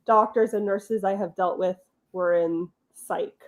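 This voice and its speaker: A woman from California in casual chat, talking with lots of fillers and quick laughs. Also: medium pitch, fairly even intonation, lo-fi sound. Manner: chatty, many fillers and laughs. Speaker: host.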